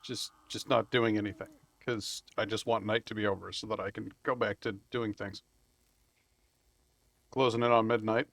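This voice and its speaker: A man streaming a video game live, chatting casually and rambling as he plays, swearing freely and laughing loudly at chat. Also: on the low side, fairly even intonation, moderate pace, vocal fry, no room sound. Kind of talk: live gameplay commentary.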